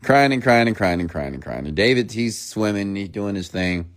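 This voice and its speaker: A middle-aged man giving a late-night motivational rant. His voice sits low but swings widely in pitch, lively and playful, and he slips into mimicking people to make a point. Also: moderate pace. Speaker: motivational speaker.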